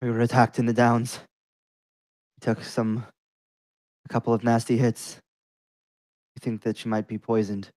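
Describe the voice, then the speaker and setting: A man's voice: medium pitch, flat delivery, moderate pace, pauses often, darkish tone, no echo. A man playing a ranger in a tabletop game, earnest and hesitant. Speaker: player.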